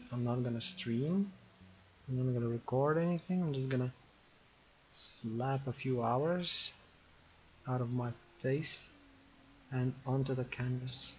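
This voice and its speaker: Brief: man streaming his painting, slow and unhurried, muttering over clear background music. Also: medium pitch. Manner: mutters to himself, repeats words. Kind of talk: casual commentary while painting. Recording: dull lo-fi audio with music behind.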